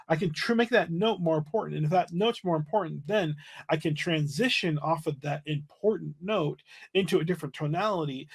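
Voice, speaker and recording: A man teaching a livestream flute lesson, explaining in a relaxed way and checking in with "right?" as he goes. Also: fairly high pitch, breathy edge.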